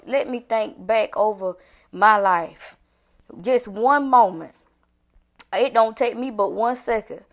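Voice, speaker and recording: A woman giving an impassioned, encouraging talk to her viewers, talking folksy and direct, building to fervent near-shouting like a preacher. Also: fairly high pitch, vocal fry. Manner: folksy, calls to the audience directly. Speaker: online encourager addressing viewers.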